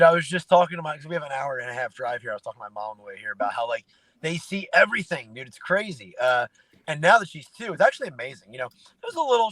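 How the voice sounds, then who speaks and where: Man in late twenties, relaxed storytelling. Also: on the high side, dry recording, rough recording. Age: late 20s. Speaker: guest fighter. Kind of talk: casual interview chat.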